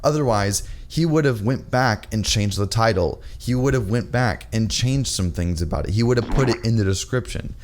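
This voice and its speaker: A man talks through a reaction commentary video with a low, steady voice. His delivery is dry and sarcastic, and he picks apart the clips he plays in a measured way. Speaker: commentary YouTuber.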